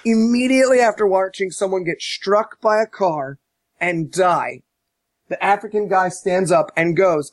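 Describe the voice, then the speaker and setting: Sarcastic high-voiced man ranting. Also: measured pace, no echo. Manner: sarcastic, profane, mocks quotes with shouted voices. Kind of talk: casual podcast movie rant.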